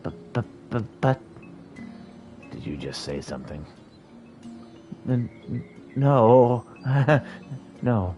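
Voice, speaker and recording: A man's voice: mid-range voice, big pitch swings, very slow, long pauses, mellow, soft background music. A man voicing a timid, fretful male kobold in a game, stammering and piling up anxious synonyms. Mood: whiny. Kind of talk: reading game dialogue aloud in character.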